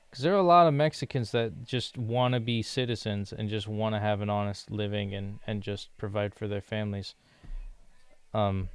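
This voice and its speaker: A man's voice: fairly low pitch, clean tone, no room sound. A young man from the United States chatting casually in a rambling way, laughing often while he works through language lessons. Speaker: vlogger learning a language. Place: living in Brazil.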